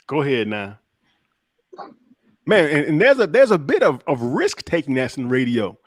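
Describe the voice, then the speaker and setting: A man hosting a relaxed roundtable talk show with a lively, bouncing delivery that keeps rising and falling. He is playful and quick to laugh, and his voice is slightly high and close to the mic in a dry room. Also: no room sound. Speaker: podcast host. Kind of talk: casual radio-style roundtable chat.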